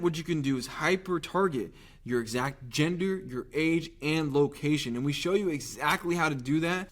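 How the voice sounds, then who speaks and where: Young man, fairly high voice, energetic sales pitch, conversational, rhetorical questions. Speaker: marketing agency owner pitching local businesses. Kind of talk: direct-to-camera sales pitch.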